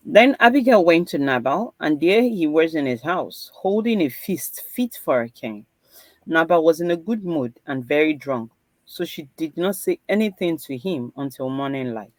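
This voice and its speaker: A woman reading Bible passages aloud in a steady, measured way. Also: low voice, no echo. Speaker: host reading scripture aloud.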